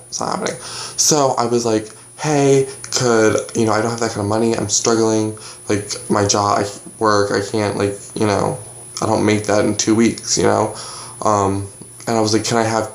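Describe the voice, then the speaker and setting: A man's voice: fairly low pitch, echoey room. A young man casually telling a long story to the camera, rambling and acting out what everyone said. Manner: rambling, animated retelling with quoted dialogue. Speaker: vlogger. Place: bedroom at home.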